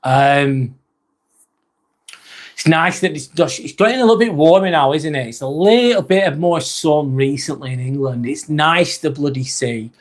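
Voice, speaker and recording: A man in his forties hosts a casual live stream, his voice a little high and his speed normal. He rambles and chats while reading out viewer comments and answering them, swearing mildly along the way.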